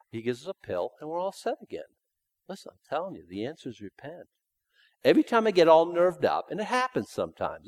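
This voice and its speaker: A man preaching a sermon in a folksy, emphatic way, swinging between loud points and hushed asides. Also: mid-range voice, no room sound.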